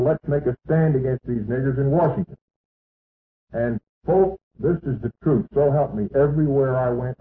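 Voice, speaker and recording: A man's voice: mid-range voice, slight background noise. Man ranting in a tinny echoey recording. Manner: emphatic, ranting, boastful. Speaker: political speaker. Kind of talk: rally speech to an audience.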